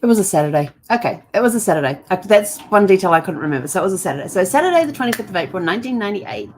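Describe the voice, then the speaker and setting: A woman's voice: medium pitch, very animated, very fast, darkish tone, a little hiss or hum. A middle-aged woman telling a personal story on her vlog, chatty and rambling, with frequent restarts. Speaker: family history vlogger.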